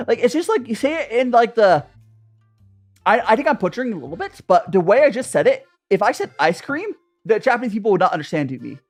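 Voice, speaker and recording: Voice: medium pitch, very animated, quick pace, faint music behind. A young adult streamer chatting casually over tea, rambling and greeting viewers by name. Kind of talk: casual chat while drinking tea.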